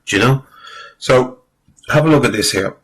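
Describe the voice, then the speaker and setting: A man's voice: medium pitch, moderate pace, slightly rough, rough recording. A man giving rambling, exasperated spoken commentary on a clip, swearing freely and using lots of fillers. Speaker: video commentator.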